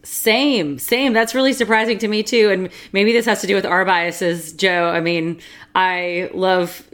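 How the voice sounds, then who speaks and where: A woman's voice: medium pitch, steady tone, unhurried, fairly bright tone. A woman from the United States co-hosting a podcast, talking frankly and easily in casual chat. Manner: easygoing, frank, laughs between remarks. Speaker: podcast co-host.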